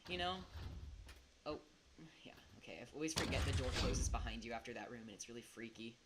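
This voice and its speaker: A woman streaming a game, rambling and giggling, swinging between hushed mutters and excited outbursts. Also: rumbling low, quick pace. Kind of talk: casual gaming commentary. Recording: steady background noise.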